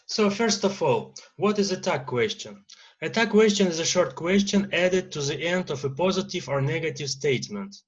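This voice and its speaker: A man with a Russian accent teaching an English grammar lesson, pausing often with "uh" fillers. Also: a little high, expressive, highs cut off. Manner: lecturing with many uh fillers and pauses.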